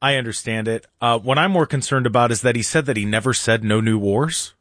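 A man's voice: mid-range voice, a little fast, fairly bright tone, no room sound, clean studio sound. A man hosting a morning talk radio show, chatty and laughing often, now and then mimicking other voices.

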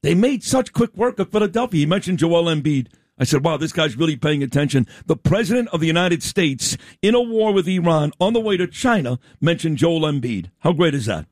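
A middle-aged man hosts a talk show with a fairly high, lively voice that swoops as he tells stories. He speaks emphatically and with animation. The recording is dry and close. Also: a little fast, hardly any pauses, no room sound. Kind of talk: conversational interview.

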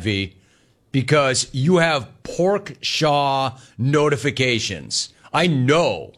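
Animated jokey sports talk host, man. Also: mid-range voice, slow pace. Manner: animated, jokey, digressive storytelling. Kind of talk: casual sports talk, reading listener messages.

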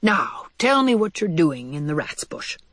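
A reader voicing an old male white mouse with a limp, cordial and measured in how he speaks. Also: mid-range voice, very animated, no echo. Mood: kindly.

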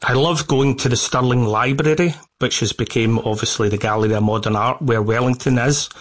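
A man's voice: medium pitch, fairly even intonation, brisk. Enthusiastic Scottish man in his fifties. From Scotland. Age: 50s. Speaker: artist guest. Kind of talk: live radio interview.

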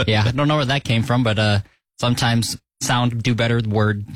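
A man's voice: mid-range voice, steady tone, normal speed, no echo. A man co-hosting a radio show, talking about himself in a chatty, playful way. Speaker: radio co-host. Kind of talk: casual studio banter.

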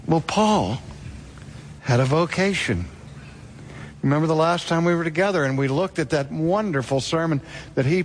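Dramatic man preaching a sermon. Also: a little high. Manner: dramatic storytelling, rhetorical questions.

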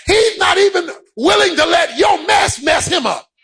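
A man preaching a sermon, swinging between shouted, sing-song peaks and quieter stretches. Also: extremely high pitch, lively intonation, normal speed, creaky, soft background music, rough recording.

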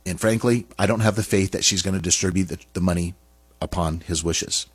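Middle-aged man, husky low voice, dry close sound, earnest halting storyteller. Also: no echo. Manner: earnest, halting, with restarts and pauses. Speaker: speaker sharing a personal story. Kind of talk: personal storytelling talk.

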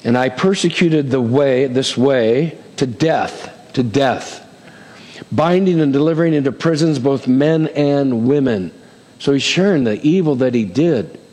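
A man's voice: medium pitch, a little slow, a little mellow, in a large hall. A man preaching a sermon, reading scripture and acting out its figures with big swings in his voice. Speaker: pastor.

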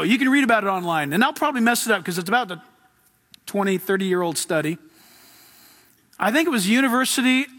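A male pastor delivers an animated, chatty sermon with frequent laughter. His voice sits high, and it rings through a big hall with long reverb. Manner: animated, conversational, laughs often.

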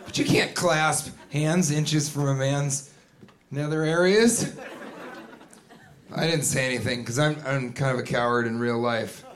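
A man doing a stand-up comedy set on a club stage, animated storytelling that bursts into shouted bits. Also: medium pitch, measured pace. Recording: live club recording with crowd laughter and noise. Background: audience laughter.

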